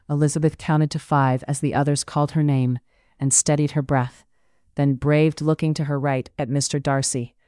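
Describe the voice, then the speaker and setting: An audiobook narrator giving a steady, even reading of a period romance story. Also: medium pitch, clean tone, dry recording, studio quality.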